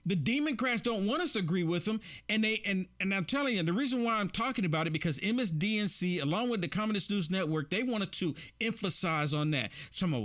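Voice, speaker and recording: A man's voice: sits high, animated, brisk, hardly any pauses, fairly bright tone. A man hosting an opinion commentary show, reacting to clips and pressing his points with repeated rhetorical questions to his viewers. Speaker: political commentary host.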